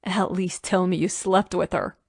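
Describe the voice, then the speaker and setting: A woman's voice: lowish voice, fairly even intonation, a little slow, a little mellow, slightly rough, dry recording, clean studio sound. A woman voicing a sleepy, teasing younger brother who is a lawyer, playful in an audiobook.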